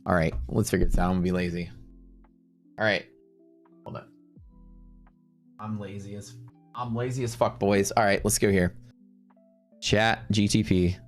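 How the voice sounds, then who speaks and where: A man's voice: lowish voice, fairly even intonation, moderate pace, pauses often, soft background music. A man hosting a live day-trading stream, talking loosely and rambling, with some casual swearing. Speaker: day-trading livestream host.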